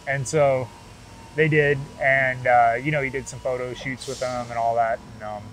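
A man from Michigan, a guest in a casual interview, telling a story in a relaxed way with lots of fillers. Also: mid-range voice, moderate pace, poor audio. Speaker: guest, bassist and machine shop manager.

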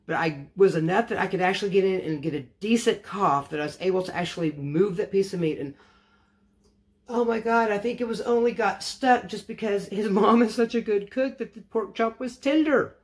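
A vlogger tells his audience a casual story, rambling and correcting himself along the way in a wry, matter-of-fact manner. His voice sits high and he speaks briskly.

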